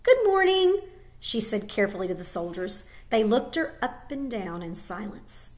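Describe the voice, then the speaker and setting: A woman teacher reading a children's novel aloud to her class, expressive and with small slips. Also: mid-range voice, moderate pace.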